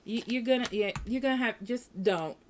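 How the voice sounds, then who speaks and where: A woman's voice: a little high, normal speed, darkish tone, slight background noise. A woman giving a casual tarot reading at home, speaking frankly and repeating herself, often checking in with "okay?". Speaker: tarot reader.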